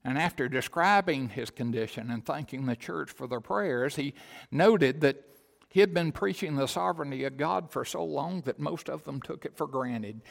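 A man preaching a sermon, swelling to loud emphatic proclamation and dropping to quiet storytelling. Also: fairly high pitch, vocal fry. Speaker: pastor. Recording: long hall reverb.

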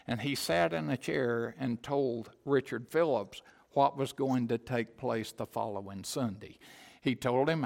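A man preaching a sermon, swelling to loud emphatic proclamation and dropping to quiet storytelling. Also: medium pitch, unhurried, gravelly. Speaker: pastor. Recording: long hall reverb.

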